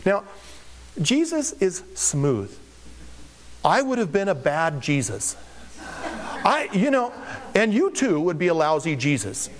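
Male pastor, fairly high voice, casual, joking delivery in a sermon. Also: sing-song, measured pace, long pauses. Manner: conversational, joking preaching.

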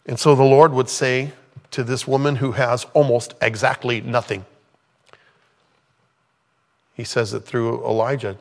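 A man delivering a sermon in a relaxed, conversational voice of middling pitch. He preaches with animated asides, briefly acting out the people in his story. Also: a little slow, creaky, long pauses, in a large hall. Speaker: pastor.

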